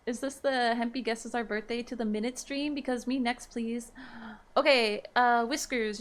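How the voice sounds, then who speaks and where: A woman's voice: a little high, steady tone, moderate pace. A woman in her thirties casually chatting with viewers on a live stream, laughing easily and reading their messages aloud. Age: 30s.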